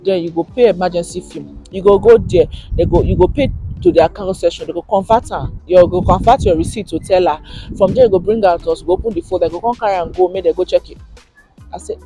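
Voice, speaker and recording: Nigerian woman, 30s, animated vlogger with a warm, mellow voice and a pidgin-laced delivery. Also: on the low side, fast talker, faint music behind. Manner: animated, mixes in pidgin, laughs often. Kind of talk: casual chat.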